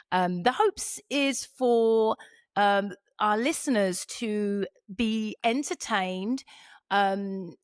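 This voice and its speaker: A woman's voice: mid-range voice, no room sound. Chatty European woman hosting a podcast, dry sound. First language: not English. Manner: rambling, with frequent ums and restarts. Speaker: podcast host. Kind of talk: casual podcast chat.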